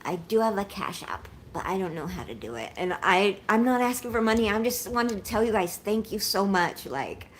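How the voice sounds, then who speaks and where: A woman's voice: mid-range voice, lively intonation, fairly quick, hardly any pauses. A woman in her forties chats with her viewers on a casual livestream. She sounds shaky and unwell, and she rambles with emotion and thanks them again and again. A faint hum of room noise sits behind her. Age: 40s.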